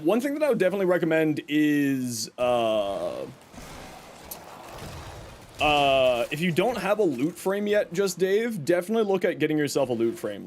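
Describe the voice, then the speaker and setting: A man's voice: fairly high pitch, a little hiss or hum. A man streaming a video game, chatting casually and explaining tips to his viewers. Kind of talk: casual gameplay commentary.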